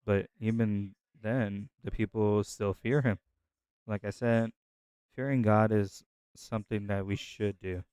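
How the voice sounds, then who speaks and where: A man's voice: fairly low pitch, steady tone, a little slow, a little mellow, clear, resonant tone, dry recording. A man hosting a Bible reading channel, reflecting in a casual, rambling way with frequent restarts and filler words.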